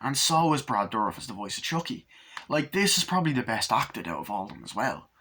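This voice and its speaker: A man's voice: medium pitch, very animated, brisk, sharp tone, slightly rough. Rambling, enthusiastic male movie reviewer. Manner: enthusiastic, rambling, swears freely.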